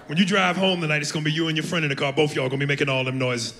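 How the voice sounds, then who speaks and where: A brash man does crude crowd work and teases the audience. His voice sits slightly high, and clear club noise runs behind it. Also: flat delivery, rapid-fire, fairly bright tone. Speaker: stand-up comedian. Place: comedy club stage.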